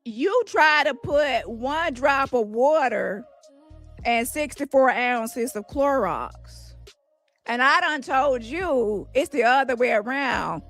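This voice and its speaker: Woman on a phone livestream, loud profane mocking rant, kinda high voice, faint music behind. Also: lively intonation, takes it slowly. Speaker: livestream host.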